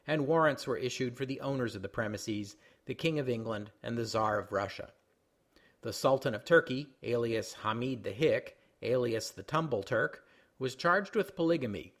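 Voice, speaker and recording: A mocking older barkeep holds forth in a plain, unaccented voice, as a man reads his lines straight from a humor column. The delivery stays even and wry, a reading rather than a performance. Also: mid-range voice. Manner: read straight, without a brogue.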